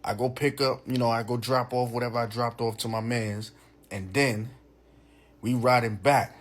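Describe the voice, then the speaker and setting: Husky man telling a story. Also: mid-range voice, normal speed. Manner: animated, profane, full of "you know what I'm saying". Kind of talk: casual storytelling.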